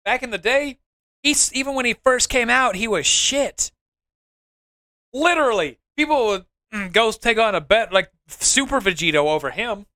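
Excitable man chatting about a game. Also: extremely high pitch, normal speed, no room sound, studio quality. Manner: excitable, laughs a lot, jokey. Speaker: podcast co-host. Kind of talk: casual chat about a mobile game.

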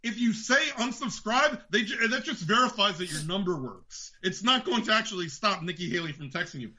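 A man with a New York accent hosting a podcast, ranting about politics in a profane, fast, heated way. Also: high voice, animated, bright, forceful tone. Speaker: podcast host. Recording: dull lo-fi sound.

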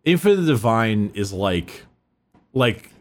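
Lively rambling male podcast host. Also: on the low side, slow pace. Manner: rambling, many restarts and fillers. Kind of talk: casual book discussion.

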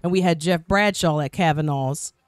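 A woman's voice: low-pitched, normal speed, dry recording. A middle-aged woman guest-hosting a podcast, telling stories in a chatty, rambling way. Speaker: guest host. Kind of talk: casual podcast chat.

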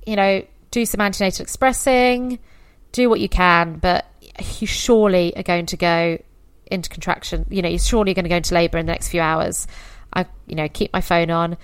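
Candid chatty woman, smooth dry voice. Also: on the low side, brisk, no echo. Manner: chatty, candid and expressive, quoting herself. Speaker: podcast guest. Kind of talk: casual birth story telling.

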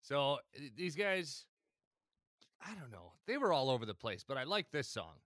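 Male podcast host, casual and profane, lively delivery. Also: medium pitch, moderate pace, no room sound, studio quality. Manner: loose, profane, laughing. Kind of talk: casual chat.

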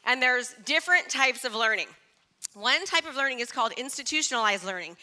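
A woman in her forties giving an energetic, chatty stage talk and drawing the live audience in, a little nervous. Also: high voice, fairly quick. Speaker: motivational speaker.

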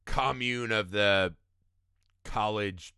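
A man in his thirties co-hosting a casual movie discussion, animated and profane, often acting out quotes. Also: on the low side, extremely slow, clean tone, no echo, studio quality. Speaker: podcast co-host.

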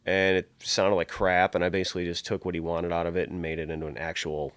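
A man who builds guitar pedals talks fast in a deep, fairly bright voice with a flat delivery and no room sound. In casual chat he spins long, rambling stories, swears heavily, and acts out the dialogue he quotes.

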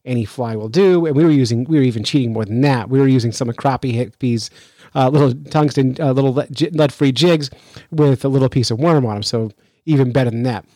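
A man hosting a podcast, telling a story in a lively, chatty way with frequent restarts, then commenting on the news. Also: mid-range voice, brisk, no room sound. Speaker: fishing podcast host.

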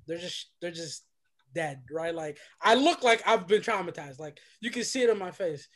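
High-voiced man telling a dramatic story. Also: normal speed. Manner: lively, dramatic, drops to a hush for effect. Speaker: podcast guest. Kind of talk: animated storytelling.

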